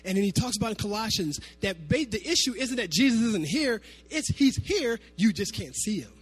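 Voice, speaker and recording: A man preaching a sermon to his congregation, animated and conversational, dropping to quiet asides and then climbing to loud, emphatic peaks. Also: high voice, moderate pace, breathy edge, soft background music. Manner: animated, swinging from soft asides to shouting. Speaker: pastor.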